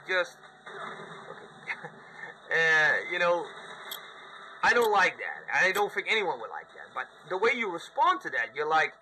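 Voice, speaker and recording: Slightly hoarse man rambling about games. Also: on the high side, slight background noise, poor audio. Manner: rambling and candid, with mock shouted outbursts. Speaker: gaming vlogger. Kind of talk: casual gaming vlog. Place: room at home, sitting on a couch.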